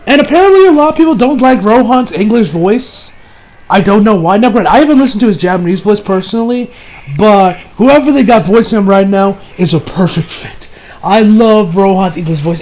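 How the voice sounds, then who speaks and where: Male reviewer, higher-pitched, casual rambling fan rundown. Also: a little mellow, a little hiss or hum. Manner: gushing, rambling with many fillers. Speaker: anime reviewer.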